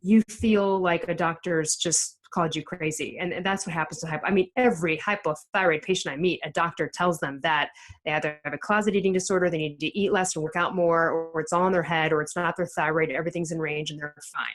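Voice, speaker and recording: A woman's voice: low-pitched, quick pace, low-quality recording. Emphatic middle-aged woman telling her story. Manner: emphatic, animated storytelling with frequent restarts. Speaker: podcast guest, author. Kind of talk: casual interview chat.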